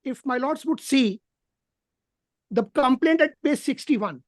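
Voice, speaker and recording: A woman with an Indian English accent arguing as an advocate in court, deferential and halting, repeating "my lords" again and again. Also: sits high, expressive, no echo. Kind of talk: courtroom argument. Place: courtroom, on a video hearing feed.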